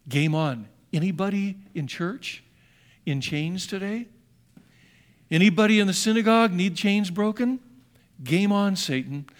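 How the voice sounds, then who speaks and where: High-voiced man preaching a dramatic sermon. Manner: dramatic, acts out quotes, shifts from loud to hushed. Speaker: pastor.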